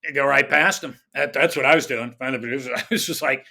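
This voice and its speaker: A middle-aged man telling showbiz stories in a relaxed chat, acting out the voices of the people he quotes with animated shifts. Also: medium pitch, fast talker, vocal fry, hardly any pauses. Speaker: guest comedy writer. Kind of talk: conversational storytelling.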